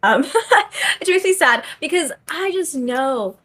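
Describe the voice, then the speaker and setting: A young woman with a slightly high voice co-hosts a casual podcast. She talks in slang and laughs often, and she keeps the chat animated. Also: slow. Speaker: podcast co-host.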